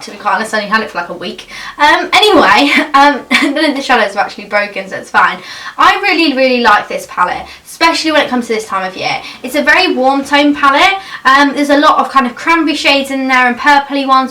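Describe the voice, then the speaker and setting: Young girl vlogging, gushy and chatty, kinda bright high voice. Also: distant mic. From England. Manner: chatty and gushing, many fillers. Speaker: beauty vlogger. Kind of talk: casual product chat to camera.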